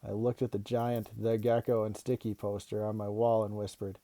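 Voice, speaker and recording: A man reading a children's novel aloud in an even, expressive storytelling manner. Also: on the low side, normal speed, dry recording. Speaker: read-aloud host.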